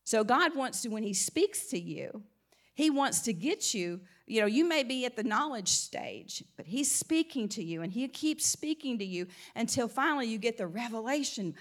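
A Christian speaker from the American South, with a slight Southern twang, gives an informal teaching. Her voice is fairly high and expressive at a moderate pace, and she's chatty, often restarting phrases and laughing.

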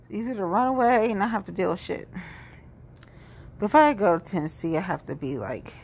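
Blunt husky-voiced woman in her forties. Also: medium pitch, big pitch swings, brisk, a little mellow. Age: 40s. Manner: rambling, blunt and profane. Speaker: vlogger. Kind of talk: candid monologue.

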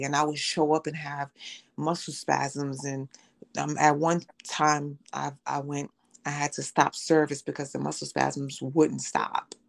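A woman's voice: low-pitched, creaky. A woman guest on a podcast, telling a personal story of faith and illness in conversation and acting out the voices of the people in it. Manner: storytelling, acts out quoted voices.

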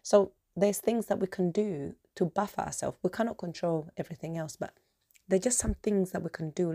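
Female podcast host, passionate solo monologue; low, dark, gravelly voice. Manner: passionate, repetitive, earnest.

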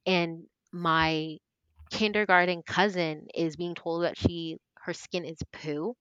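A young woman in her twenties, a podcast guest telling her story in casual chat, earnest and animated, acting out what others said. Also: fairly low pitch, takes it slowly, clean tone, no echo, lo-fi sound. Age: 20s. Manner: earnest, animated, acts out quoted voices.

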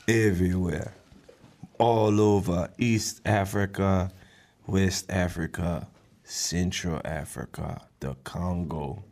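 A man's voice: low-pitched, steady tone, takes it slowly, a little mellow. A man hosting a podcast in a crude, joking, laid-back casual chat. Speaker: podcast host.

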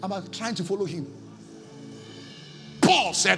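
Nigerian man, pastor preaching a sermon; high gravelly voice, shouts then pleads. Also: expressive, fast, pauses often, faint music behind. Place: church service.

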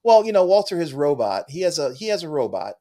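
A man's voice: on the high side, big pitch swings, dark tone. A man co-hosting a comic book show, talking eagerly in casual chat with frequent restarts. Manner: enthusiastic, halting, full of restarts. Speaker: comic book podcast co-host.

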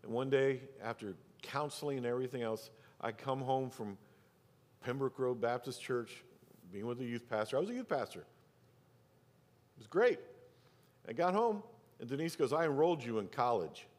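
A man's voice: mid-range voice, expressive, moderate pace, long pauses. Male pastor, middle-aged, storytelling sermon, long church reverb. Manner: storytelling, acts out quoted voices, drops to near whisper for emphasis. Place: church sanctuary. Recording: reverberant hall.

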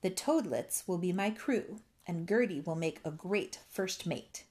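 A woman's voice: lowish voice, animated, measured pace, a little mellow. A woman doing a grumpy old sea captain. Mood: hearty. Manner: gruff, sailor talk.

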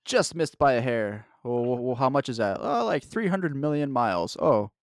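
A man talks in a loose, rambling way, joking and swearing as he goes. His voice sits at a middle pitch. The sound is dry and close, with no room behind it. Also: big pitch swings, normal speed, no echo. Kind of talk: casual chat.

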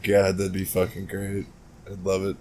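A man's voice: sits low, monotone, normal speed, mellow. Swearing, jokey man on a podcast. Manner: argumentative, swears a lot, jokey. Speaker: podcast co-host. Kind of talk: casual chat.

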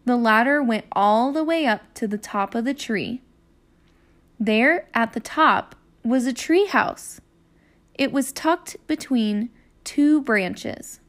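A woman teacher hosting her own podcast, reading a children's chapter book aloud in a clear, expressive way. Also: on the high side, takes it slowly.

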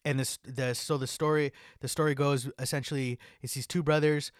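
A man's voice: medium pitch, little pitch movement, brisk, clear, resonant tone, no room sound. Laid-back young man, heavy on "like". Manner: laid-back, swears a lot, says "like" constantly. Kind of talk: casual chat. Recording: dry close mic.

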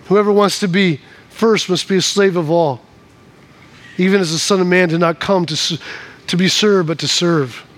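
A man preaching a sermon in church, swinging from hushed, slow lines to loud, acted-out shouts. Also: high-pitched. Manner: acts out scenes in the voices of people in the story. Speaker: pastor.

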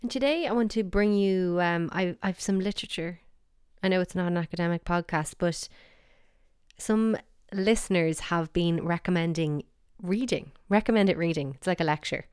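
An Irish woman hosting a podcast, talking casually in a playful, animated, mock-baffled way. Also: lowish voice, normal speed, clean tone, no room sound, studio quality. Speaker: podcast host. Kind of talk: casual solo podcast talk.

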